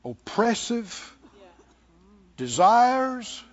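A man's voice: extremely high pitch, drawn-out words, highs cut off. A man preaching a sermon, telling stories, repeating words for emphasis and asking the congregation "Hmm?". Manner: lively storytelling, asks the congregation "Hmm?".

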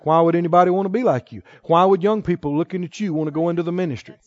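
A male preacher with a high voice tells folksy stories from the pulpit and drives his points home with emphasis. He drops into a lower, sterner tone when quoting the Lord. The sound is dry and a bit dull. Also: racing, dry recording. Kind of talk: sermon with storytelling.

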